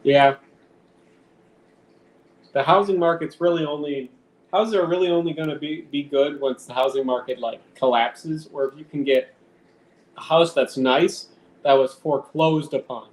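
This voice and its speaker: A man's voice: fairly high pitch, steady tone, normal speed, pauses often. A man live streaming from home in casual chat, teasing and talking to his cat. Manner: teasing, talks baby-talk to his cat. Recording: echoey room, faint background noise.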